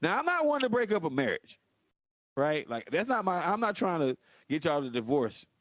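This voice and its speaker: A man's voice: a little high, normal speed, dry recording. A man in casual political chat, telling stories emphatically. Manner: animated storytelling, profane, emphatic. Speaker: podcast co-host.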